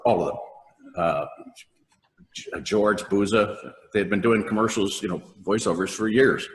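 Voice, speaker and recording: An older man with a lowish voice tells long, wandering anecdotes, breaking into laughter and mimicking lines as he goes. His voice trails in a long, echoing reverb. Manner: rambling, laughs often, acts out lines. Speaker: voice actor guest. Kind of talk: casual interview storytelling.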